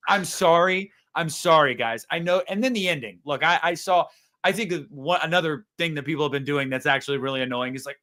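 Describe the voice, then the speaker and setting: A young man with a notably high voice rants through a casual film review, swearing and exasperated. He talks as a co-host riffing with friends. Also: lively intonation, brisk, pushed and bright. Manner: ranting, profane, exasperated. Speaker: podcast co-host.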